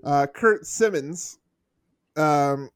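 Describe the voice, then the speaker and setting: A man co-hosting a podcast from outdoors in the cold, talking in a relaxed, rambling way with many fillers. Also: a little high, drawn-out words. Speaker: podcast co-host. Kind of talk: casual chat.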